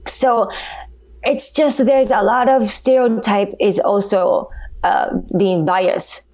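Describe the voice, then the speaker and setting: A woman's voice: mid-range voice, fairly even intonation, takes it slowly, darkish tone. A woman who is a podcast guest, chatting frankly and animatedly in English with non-native phrasing and frequent laughs. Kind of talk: casual podcast chat.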